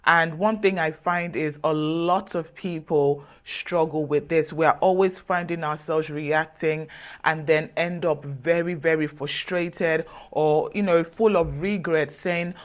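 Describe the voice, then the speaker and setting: A woman speaking straight to the listener as a self-development speaker, giving earnest, direct advice in a measured way with emphatic pauses. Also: low voice, fairly even intonation. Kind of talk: motivational advice talk to camera.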